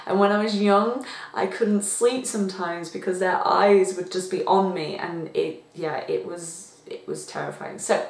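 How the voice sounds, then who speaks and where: A woman giving a chatty, expressive movie review, talking casually to her viewers. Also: lowish voice. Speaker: film reviewer. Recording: echoey room.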